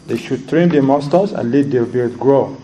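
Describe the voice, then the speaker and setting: A man with a warm, mid-range voice and normal pace teaches a religious lesson, mixing in stories and questions for his listeners. He often repeats words while searching for the next one. The low-quality recording carries a little hiss or hum.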